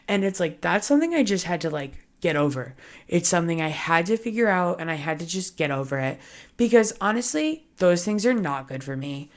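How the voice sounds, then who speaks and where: A young woman hosting her own podcast, talking frankly and emotionally about her past, full of "like" fillers and casual swearing. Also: lowish voice. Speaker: podcast host. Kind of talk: candid personal monologue.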